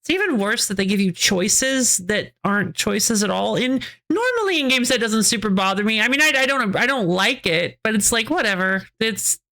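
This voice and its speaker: A woman game streamer chats casually with her viewers and answers their messages, rambling, restarting sentences, and giggling often. Her medium-pitched voice is bright and forceful, with lively intonation, normal speed, and few pauses.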